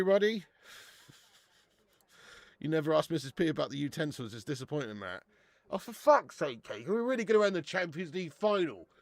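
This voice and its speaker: A man's voice: on the high side, no echo. A young man hosting a live watch-along stream, bantering with viewers, swearing and laughing often. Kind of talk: live casual chat to viewers.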